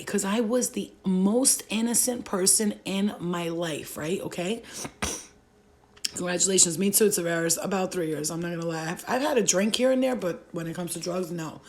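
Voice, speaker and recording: A woman's voice: medium pitch, vocal fry, a little mellow. A woman in her thirties telling blunt, profane stories in a casual livestream, often laughing as she talks. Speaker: vlogger.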